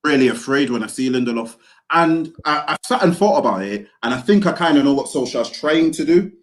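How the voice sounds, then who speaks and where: A young man co-hosting a football podcast in slangy, animated banter. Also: mid-range voice, brisk. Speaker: podcast co-host. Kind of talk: casual podcast chat.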